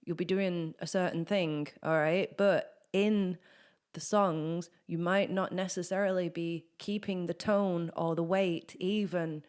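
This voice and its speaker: A woman's voice: lowish voice, fairly even intonation, measured pace, darkish tone, clear, resonant tone. A woman teaching singing, chatting through technique and breaking into sung exercises. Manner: chatty, explains then sings vocal exercises. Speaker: vocal coach. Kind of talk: singing lesson with demonstrations.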